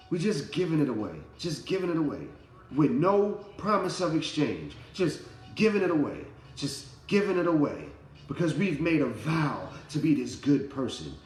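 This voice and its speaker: A man's voice: medium pitch, reverberant. A man giving a casual motivational talk, telling his story with slang and swearing. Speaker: motivational speaker.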